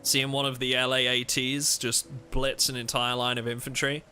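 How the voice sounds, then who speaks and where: Male streamer, very bright and crisp voice, loose rambling banter with chat. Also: medium pitch, flat delivery, normal speed. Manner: rambling, self-interrupting, joking with chat. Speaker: game streamer host. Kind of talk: casual live-stream chat.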